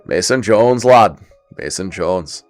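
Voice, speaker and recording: A young Welsh man hosting a casual livestream watch-along, chatting excitedly with his viewers and calling the action. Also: sits low, slow pace. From Wales. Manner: excitable, chatty, reads chat aloud. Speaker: livestream host.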